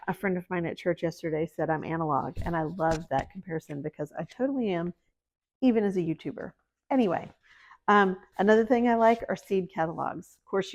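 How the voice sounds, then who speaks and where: A middle-aged woman from the American Deep South, chatting casually to camera about her homestead and faith, laughing at herself. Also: a little mellow, slight background noise. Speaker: homesteading vlogger.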